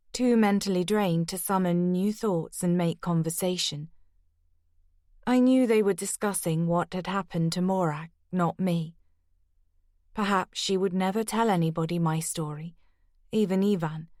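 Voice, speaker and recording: A woman reading a first-person mystery audiobook in a steady, measured way. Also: lowish voice, no room sound, studio quality. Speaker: audiobook narrator.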